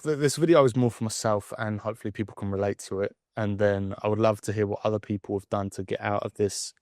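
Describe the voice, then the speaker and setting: Low, flat-voiced young man musing. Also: no echo, studio quality. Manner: candid, rambling, with frequent fillers and restarts. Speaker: vlogger. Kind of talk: reflective personal monologue.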